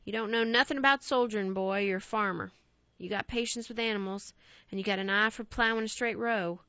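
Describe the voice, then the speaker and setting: A gruff old farmer scolds his son in a loud, blunt country voice, as a woman narrator puts him on. He sounds stern and plain-spoken. The recording is dry and close, a bit dull in tone. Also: mid-range voice, steady tone, brisk, no room sound, natural voice. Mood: scolding.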